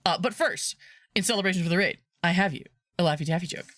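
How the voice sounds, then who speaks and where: A woman streamer chatting casually on a live stream, rambling, playful and laughing often, sometimes breaking into high squeals. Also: fast, a bit bright, no room sound, clean studio sound. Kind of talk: casual livestream chat.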